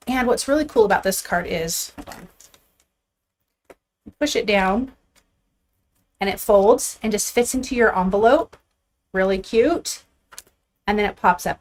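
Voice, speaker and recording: A woman hosting a live card-making stream, chatting casually and upbeat with her viewers as she shows her supplies, a little out of breath. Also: on the high side. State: a bit out of breath. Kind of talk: casual live crafting chat.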